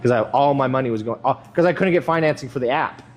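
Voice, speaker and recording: A man's voice: mid-range voice, fast, slight background noise. A young man chatting casually while working out in a gym, rambling and swearing freely with a self-mocking edge. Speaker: vlogger.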